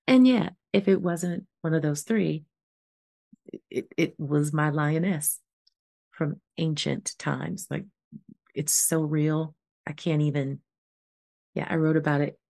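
A woman's voice: low-pitched, fairly even intonation, a little slow, creaky, pauses often, warm tone. A woman co-hosting a casual spiritual podcast chat, talking in an earnest, rambling way with lots of fillers. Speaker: podcast co-host.

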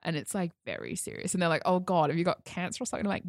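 A woman's voice: on the low side, animated, quick pace, hardly any pauses. A young woman telling a personal story in a casual chat, acting out the lines she quotes. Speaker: guest.

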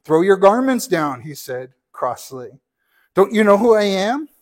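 A man voicing a proud young male donkey who shouts indignant demands in a read-aloud story. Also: fairly high pitch, sing-song, unhurried, breathy edge, full character voice.

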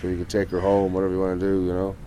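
A man's voice: deep voice, monotone, very fast, mellow, a little hiss or hum, rough recording. A man with an Irish accent, a guest telling a long, rambling story in casual talk and swearing almost every line. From Ireland. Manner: profane, rambling, swears constantly. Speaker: interview guest.

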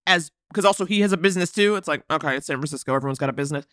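A woman co-hosting a podcast, recapping a movie in a sarcastic, animated way and laughing often. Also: deep voice, very fast, dry recording, studio quality. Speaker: podcast co-host.

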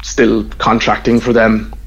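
A man's voice: on the low side, monotone, measured pace, creaky, slightly rough, muffled recording. A man in his forties from Ireland with a Cork accent, a guest telling anecdotes in a casual interview. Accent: Cork Irish. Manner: chatty, anecdotal, self-deprecating.

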